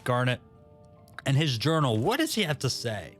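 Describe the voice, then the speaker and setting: A chatty man narrates his own gameplay in a loose, self-mocking way, muttering and joking to himself at an everyday pitch. Faint game music plays quietly behind him. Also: sing-song, moderate pace. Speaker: gaming channel host. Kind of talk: casual gameplay commentary.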